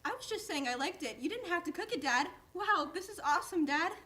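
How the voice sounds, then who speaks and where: A woman's voice: very high-pitched, lively intonation, fairly quick, pushed and bright, full character voice. A woman playing an eager, chatty young male pet dog in a staged play reading, who keeps calling his owner "Dad.".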